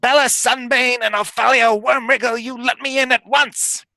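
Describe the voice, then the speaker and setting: A man playing a scratchy, shrill old hag. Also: fairly even intonation, normal speed, gravelly, sharp tone, dry recording, exaggerated voice. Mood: scolding. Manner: shrill, scolding, screeching. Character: scratchy-voiced old female hag, irate mother.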